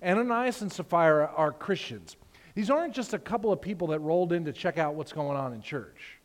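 A man's voice: fairly high pitch, animated, brisk. Male pastor preaching in a reverberant hall. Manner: storytelling with voiced characters, conversational asides. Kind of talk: sermon. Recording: long reverb of a large hall.

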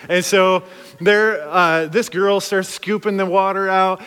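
A man preaching a sermon through a funny, animated story, acting out the people he quotes. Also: sits high, a little slow, clear, resonant tone, big-room sound. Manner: animated, joking, acts out quotes.

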